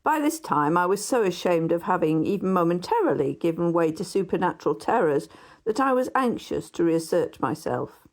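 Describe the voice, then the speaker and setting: Measured woman narrating a ghost story. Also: fairly low pitch, very animated. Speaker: audiobook narrator. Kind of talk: scripted narration.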